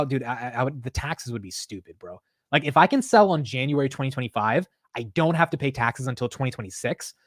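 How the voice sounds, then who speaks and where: A man hosting a live stock market stream, talking excitedly and profanely straight to his chat. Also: medium pitch, no echo, studio quality. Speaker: stock market livestream host. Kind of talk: casual live market commentary.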